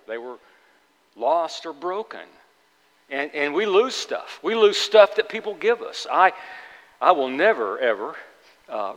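Emphatic preacher in a reverberant hall. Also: male voice, a little high, a bit bright. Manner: earnest, emphatic preaching with repeated phrases. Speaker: pastor. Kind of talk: sermon.

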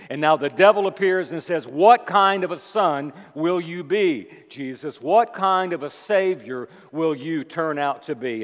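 A male pastor preaching a sermon with emphasis, posing rhetorical questions to his congregation in a church. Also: a little high. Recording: long reverb of a large hall.

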